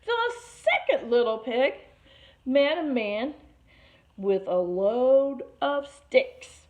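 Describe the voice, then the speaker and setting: On a muffled lo-fi recording, a high-voiced woman teacher draws out her words while reading a picture book aloud to kids. She reads expressively and stops to explain vocabulary.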